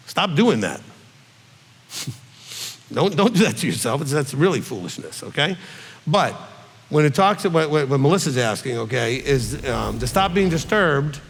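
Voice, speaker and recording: The sound is big-room, and the man's voice is a little high. He's a rabbi taking questions conversationally, checking in with his listeners through frequent "okay?"s and acting out the words of those he quotes.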